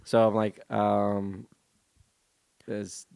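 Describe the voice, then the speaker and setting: Profane, laughing comedian guest, low gravelly voice, dry sound. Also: male voice, little pitch movement, very slow, a little mellow, dry recording. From Stockton, California, USA. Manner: profane, joking, laughs often. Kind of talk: casual podcast chat.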